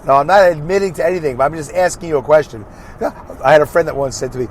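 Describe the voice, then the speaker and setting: A man's voice: fairly high pitch, expressive, racing. A man in his sixties hosting a casual, rambling solo podcast from his car while he drives, joking and arguing back at imagined critics. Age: 60s. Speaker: podcast host and truck driver. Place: inside a car while driving. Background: faint car and road noise.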